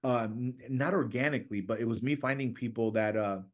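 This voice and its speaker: A middle-aged man, a church planter and podcast guest, telling stories in conversation and acting out quoted voices with a rising pitch. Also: a little fast. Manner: animated, acts out quoted voices with raised pitch. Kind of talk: storytelling in conversation.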